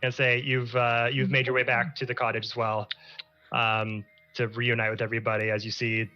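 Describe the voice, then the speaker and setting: A man's voice: mid-range voice, monotone, normal speed, lo-fi sound, soft background music. A man narrating as game master in a casual, descriptive way.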